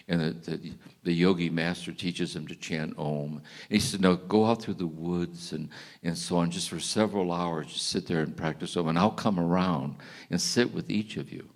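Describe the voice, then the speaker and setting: An older man with a low, deep voice tells contemplative jokes to an audience in a chapel. His delivery is gentle and halting, full of restarts and quiet pauses. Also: fairly even intonation. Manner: gentle, halting storytelling with restarts and soft laughs. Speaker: retreat speaker. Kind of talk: telling jokes to a live audience.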